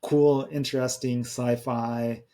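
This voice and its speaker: A podcast host in his thirties chats on his own in a casual, rambling way, frequently restarting sentences. His medium-pitched voice is flat and dark, and he speaks slowly.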